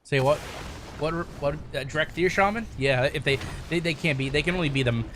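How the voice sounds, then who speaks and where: A man's voice: a little high, a little fast, fairly bright tone, slight background noise. A man casually chatting on his gaming stream, rambling and swearing freely as he talks through the game.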